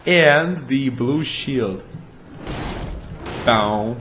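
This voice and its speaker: A man's voice: medium pitch, lively intonation, extremely slow, music in the background. A man giving casual, playful commentary while playing a video game, chatting and making goofy sound effects. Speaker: gameplay commentator. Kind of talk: casual let's-play commentary.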